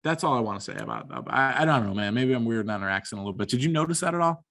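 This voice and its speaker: Lively, slangy podcast co-host man. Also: mid-range voice, rapid-fire. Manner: slangy and lively, swears freely. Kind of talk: casual chat.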